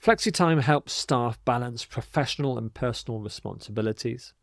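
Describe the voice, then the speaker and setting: A man teaching English vocabulary, speaking clearly and deliberately and modelling the pronunciation and stress of each word. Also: medium pitch, dry recording, studio quality. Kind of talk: scripted vocabulary lesson.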